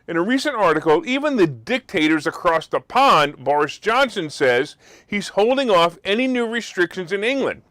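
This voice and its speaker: A man hosting a markets talk show, talking in a sarcastic, animated way, now and then bursting into loud mock outrage. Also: high voice, normal speed, no echo, clean studio sound. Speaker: host. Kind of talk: opinionated market commentary.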